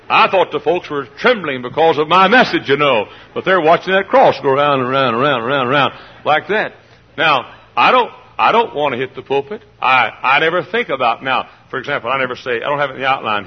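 A man's voice: mid-range voice, animated, fairly quick, breathy edge, muffled recording. A man preaching a sermon with passion, hollering, pounding the pulpit and mimicking voices.

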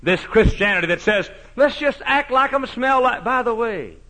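A man preaching a sermon, folksy and mocking, swinging from shouts to hushed asides. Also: very high-pitched, lively intonation, normal speed. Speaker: pastor.

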